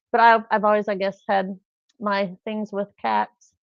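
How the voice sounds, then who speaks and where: Middle-aged female livestream host, chatty storyteller, gravelly tone, lo-fi dry audio. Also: mid-range voice, level tone, slow pace, no room sound. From California. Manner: chatty storytelling, acts out voices in anecdotes. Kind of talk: casual chat. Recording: dull lo-fi livestream sound.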